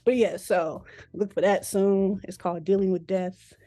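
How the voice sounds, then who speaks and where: A woman's voice: mid-range voice, steady tone, normal speed, warm tone, no room sound. A young woman hosting a podcast, chatting in a laid-back, slangy, playful way and closing with a prayer. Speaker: podcast host. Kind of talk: casual chat and closing prayer.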